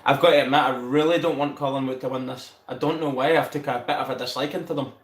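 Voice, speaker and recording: A man chatting excitedly on a live stream, swearing freely and laughing often. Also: medium pitch, fast. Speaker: livestream host. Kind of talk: casual live-stream chat. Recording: roomy echo.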